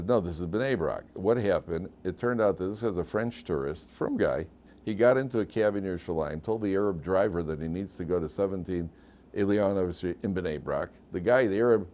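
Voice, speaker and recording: A man's voice: sits low, a little mellow. An older man, a rabbi and yeshiva teacher, giving a humorous lecture full of self-deprecating stories. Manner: anecdotal, self-deprecating storyteller.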